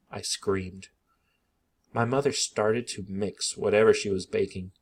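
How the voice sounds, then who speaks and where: A man reading a children's book aloud in an expressive, animated narration. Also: lowish voice, a little slow.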